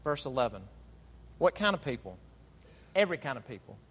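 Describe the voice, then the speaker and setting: A man preaching a sermon as pastor, emphatic, with rhetorical questions and dramatic pauses. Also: mid-range voice, big pitch swings, fairly bright tone, husky, long reverb tail.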